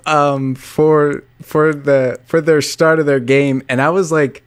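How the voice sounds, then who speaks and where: A man's voice: on the high side, slow, few pauses, smooth, no echo. A man co-hosting a casual tabletop podcast, eager and enthusiastic with frequent restarts. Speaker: podcast co-host.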